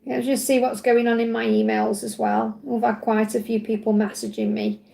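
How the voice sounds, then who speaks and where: A woman with a high, gravelly voice gives tarot readings on a live stream. She talks in a chatty, reassuring way and keeps checking in with her listeners. The sound is echoey, as if she were recorded in a bare room. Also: very animated, normal speed, dark tone. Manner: chatty, reassuring, often adds "okay?". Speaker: tarot reader hosting a live Q&A.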